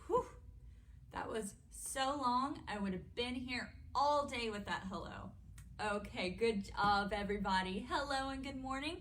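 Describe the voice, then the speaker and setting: A young adult woman hosting a children's story time, animated and playful as she talks to the kids. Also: on the high side, unhurried.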